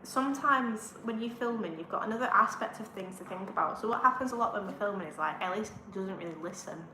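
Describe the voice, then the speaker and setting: A woman's voice: medium pitch, fast talker. A woman with a Northern English accent, chatting and explaining things as she co-hosts a travel livestream. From Northern England. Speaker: travel vlogger, co-host. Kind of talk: casual livestream chat. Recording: echoey room with faint ambient noise.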